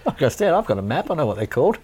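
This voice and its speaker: A man's voice: on the high side, big pitch swings, rapid-fire, a little mellow, a little hiss or hum. A man, a pub musician chatting casually on a podcast, rambling and laughing often. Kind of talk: casual chat.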